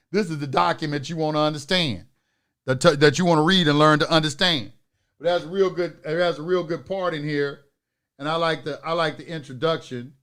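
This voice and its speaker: Man, high-pitched voice, profane preachy lecturer, loud rants then mutters. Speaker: instructor of an online class. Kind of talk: live online lecture.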